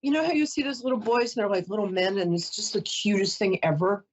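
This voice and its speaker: A woman's voice: mid-range voice, quick pace, dull audio. A woman psychic host doing a reading for a caller, chatty, emotional and apologetic, often close to tears.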